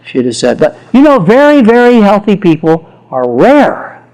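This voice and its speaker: An older man, a psychologist, giving an animated storytelling lecture. He laughs often and acts out the quotes in his stories. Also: high-pitched, moderate pace, low-quality recording.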